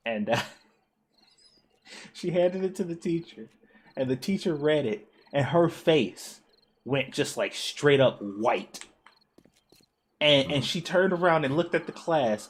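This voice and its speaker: A man streaming a co-op game, telling a school story in animated, profane casual chat with frequent laughs. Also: fairly high pitch, slow pace, long pauses, slightly rough. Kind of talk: casual chat while gaming.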